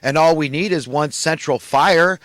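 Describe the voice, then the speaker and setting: A man's voice: on the high side, moderate pace, fairly bright tone, no room sound. A man delivering an impassioned, indignant monologue, ranting and repeating himself as he builds his points. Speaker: online commentator.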